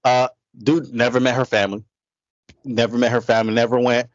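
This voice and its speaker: A man's voice: mid-range voice, level tone, fairly quick, no echo. A man chatting casually as a podcast co-host, retelling stories with emphatic repetition. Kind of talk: casual chat. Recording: dry, dull lo-fi audio.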